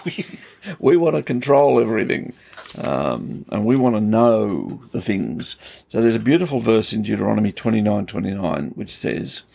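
A man's voice: lowish voice, vocal fry, a little mellow, husky. A man, a pastor, explaining scripture in an earnest, emphatic conversational way. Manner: earnest, emphatic storytelling with rising intensity. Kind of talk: conversational Bible teaching.

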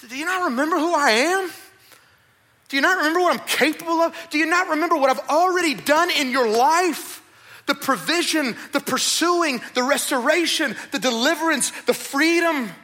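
A man preaching a sermon, voicing Jesus as an exasperated teacher who presses with loud questions. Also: high voice, expressive, slow pace, exaggerated voice. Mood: pleading.

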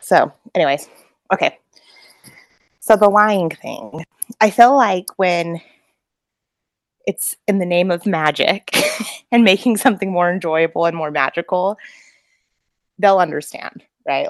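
A woman co-hosting a podcast, chatting casually at home with many fillers and a lively, talkative manner. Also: lowish voice, measured pace, pauses often, dry recording, studio quality. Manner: chatty, lots of fillers, laughs often. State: out of breath. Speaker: podcast co-host. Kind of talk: casual chat. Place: at home, away from a room with the kids.

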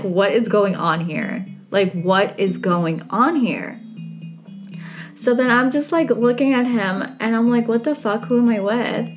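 A young woman casually telling a personal story, chatty, full of "like" and quoting what people said. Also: mid-range voice. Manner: chatty, heavy use of "like", quotes herself and others. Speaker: storyteller recounting a date. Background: music.

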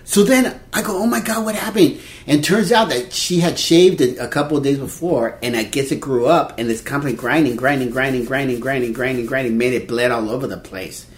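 A man in his fifties telling a dating story in casual chat, animated and laughing, acting out quotes. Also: mid-range voice, a little fast, hardly any pauses. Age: 50s. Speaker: podcast co-host.

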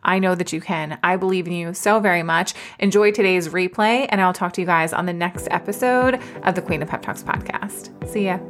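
A woman's voice: lowish voice, brisk, few pauses, soft background music. Upbeat woman giving a pep talk. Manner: upbeat, encouraging pep talk with casual swearing. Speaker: podcast host and business coach. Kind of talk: motivational podcast monologue.

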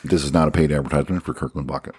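A man's voice: a bass voice, steady tone, racing, darkish tone, husky. A man from Syracuse co-hosting a casual podcast, asking questions and teasing his friends. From Syracuse, New York. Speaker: podcast co-host. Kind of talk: casual chat.

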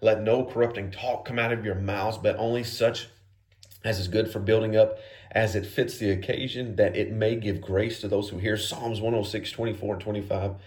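A man's voice: fairly low pitch, fairly even intonation, moderate pace, darkish tone. A man preaching a sermon in a casual, conversational style, peppered with "man.". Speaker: pastor.

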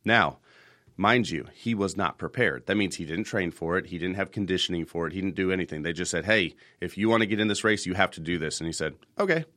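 A man's voice: low voice, quick pace, sharp tone, dry recording, studio quality. A man in his thirties hosting a casual podcast, telling rambling stories and repeating words as he goes. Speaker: podcast host.

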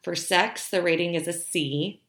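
A woman's voice: on the low side, unhurried, fairly bright tone. A chatty, bubbly woman giving a casual book review to her viewers, laughing easily. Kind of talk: casual chat to camera. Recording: roomy echo.

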